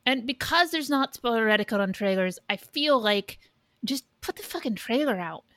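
A woman co-hosting a podcast in casual chat, candid, swearing, with halting restarts. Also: fairly high pitch, lively intonation, fairly bright tone, no echo. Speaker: podcast co-host.

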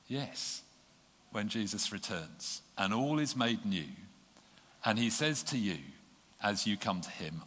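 A man preaching a sermon, earnest and gentle, pausing with small fillers. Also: lowish voice, animated. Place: church. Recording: long reverb of a church hall.

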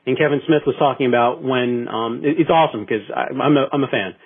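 A man's voice: medium pitch, fast talker, breathy edge. A man co-hosting a casual talk show, telling a long story with lots of restarts and fillers. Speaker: podcast co-host. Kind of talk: casual chat. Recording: tinny phone-like internet radio sound.

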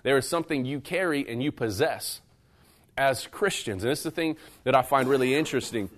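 A man preaching a sermon to a live congregation, animated and conversational, swinging between loud emphatic bursts and quieter, intimate passages while he speaks straight to the room. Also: medium pitch, fairly quick. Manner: conversational, addresses the room directly. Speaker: pastor. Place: church service room with a live audience.

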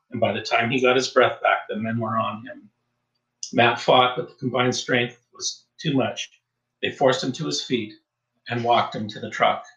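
A man's voice: medium pitch, a bit bright, highs cut off. Man narrating, roomy echo. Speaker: audiobook narrator. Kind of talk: scripted narration.

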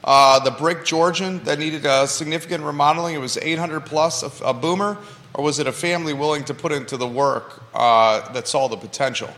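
A man's voice: fairly high pitch, fairly quick, a bit bright, in a large hall. A man with a Virginia accent co-hosting a live talk show, playfully passing viewer questions to the host. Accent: American Virginia.

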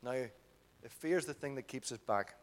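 A man with an Irish accent preaching a sermon, swinging from loud peaks to soft, quiet passages. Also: medium pitch, moderate pace. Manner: impassioned, builds to loud peaks then drops soft. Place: church hall. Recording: reverberant hall.

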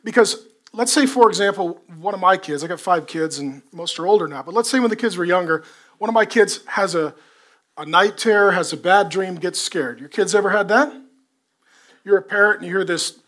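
A middle-aged male pastor preaching a sermon to a congregation, swinging between loud delivery and hushed, intimate talk. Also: sits high, brisk. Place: church before a congregation.

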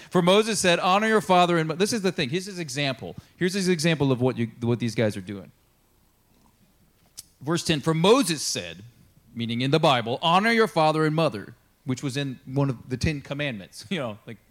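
A male pastor preaches in a loose, conversational way, voice pitched right in the middle. He keeps slipping into quick acted-out lines and asides between readings. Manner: conversational, animated, acts out quotes with laughs and asides. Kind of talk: casual sermon. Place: church sanctuary.

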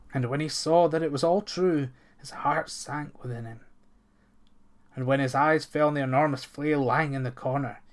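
A man narrating a folk tale in a steady, measured storybook reading. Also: medium pitch.

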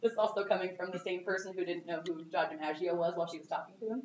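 A young woman telling a story in a bubbly, animated way, full of "like"s. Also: on the low side, rapid-fire. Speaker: cosplayer guest. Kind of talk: casual storytelling. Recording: echoey, dull, distant mic with faint noise.

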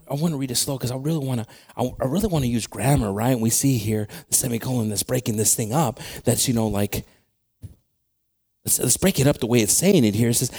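A man preaching a sermon, moving between loud impassioned preaching and hushed prayer. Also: mid-range voice, vocal fry, breathy edge. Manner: switches between English and Spanish.

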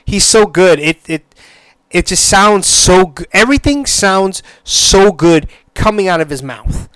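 A man hosting a solo podcast, gushing excitedly, cursing freely and stumbling over restarts. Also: high-pitched, measured pace, clean tone, no echo. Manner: excitable, gushing, swears a lot, stammers and restarts. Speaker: podcast host.

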